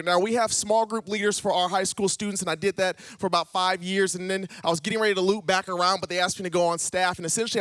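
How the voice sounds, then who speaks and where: A man from Ohio, a youth pastor, telling a personal story in a sermon and acting out the dialogue with lively swings in pitch. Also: dry recording, clean studio sound. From Ohio, USA. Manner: animated, acts out dialogue with big pitch jumps. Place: church auditorium.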